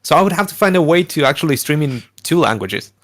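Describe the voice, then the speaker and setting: Argentine guy guesting on a call, lively swinging pitch, laughs a lot. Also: fast talker. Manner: animated, laughing often, self-correcting. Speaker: guest musician. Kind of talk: casual chat.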